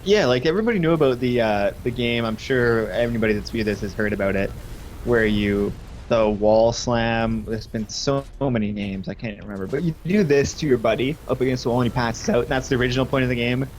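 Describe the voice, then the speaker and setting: A young man in his twenties, chatting and telling a high school story while streaming a game, animated and full of fillers. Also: a little fast, slight background noise. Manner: animated, laughing, lots of fillers. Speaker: gaming streamer. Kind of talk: casual storytelling while gaming.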